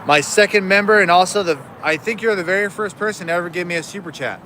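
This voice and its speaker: A man's voice: high voice, fast, bright, forceful tone, a little hiss or hum. Rambling joking man on a live stream. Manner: rambling, joking, many self-interruptions. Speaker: livestreamer. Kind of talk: casual live stream chat.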